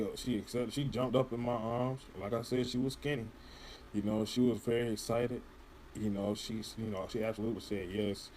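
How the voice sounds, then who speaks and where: A man's voice: on the low side, darkish tone, a little hiss or hum. A man in casual interview chat, rambling and profane, filling his talk with "you know". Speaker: podcast guest.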